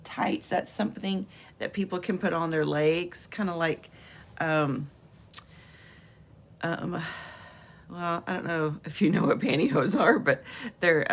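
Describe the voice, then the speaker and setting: Speaking from her room in a low voice, a woman teacher gives a patient phonics lesson on home video, slowly sounding out letters and words.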